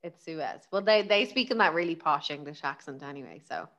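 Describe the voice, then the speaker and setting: A woman's voice: low-pitched, expressive, a little fast, fairly bright tone. A young Irish woman co-hosting a podcast, bantering wryly with teasing jokes and swearing. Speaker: podcast co-host. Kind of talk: casual chat.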